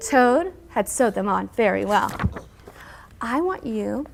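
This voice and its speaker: A woman teacher reading a picture book aloud to her class, acting out the characters' lines with animated emphasis and pausing to explain. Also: a little high, vocal fry, background noise. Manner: animated storyteller, acting out character lines with big loud pushes.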